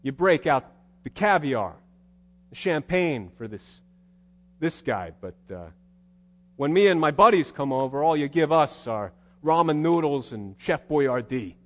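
Male preacher playing a bitter older brother: high, loud, indignant, big hall echo. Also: big pitch swings, measured pace. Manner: indignant, complaining, pointed. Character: bitter resentful elder brother, young man. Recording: long hall reverb.

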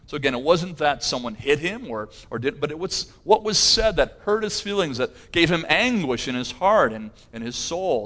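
Man, pastor, sermon, earnest, rising intensity, slightly high voice. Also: a bit bright. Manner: earnest preaching, rising in intensity on key phrases.

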